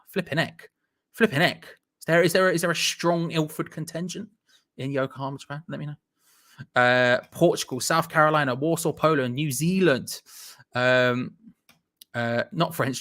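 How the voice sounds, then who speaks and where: A young man hosts a live football watch-along, chatting loosely and firing off shout-outs to viewers. His voice is bright and forward, his delivery quick and chatty. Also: on the high side. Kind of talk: casual live-stream chat reading viewer comments.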